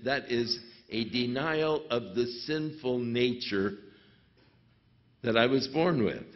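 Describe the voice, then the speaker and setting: A man of ordinary pitch delivers a sermon at an unhurried, measured pace. He lets his voice rise sharply on points he wants to drive home. The recording is muffled and lo-fi. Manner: slow, deliberate preaching with sudden emphatic rises. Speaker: pastor. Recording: dull lo-fi recording.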